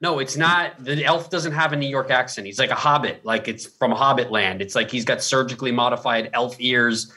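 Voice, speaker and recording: A man's voice: medium pitch, fairly quick, few pauses, sharp tone. A man co-hosting a podcast, protesting defensively while being teased. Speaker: podcast co-host, actor. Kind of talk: casual podcast banter.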